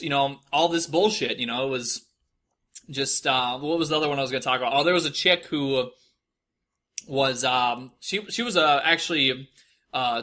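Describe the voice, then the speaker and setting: A man's voice: a little high, bright, forceful tone. A young man with a Midwestern American accent telling stories in a casual, profane, rambling monologue, often mocking people in put-on voices. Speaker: podcast host.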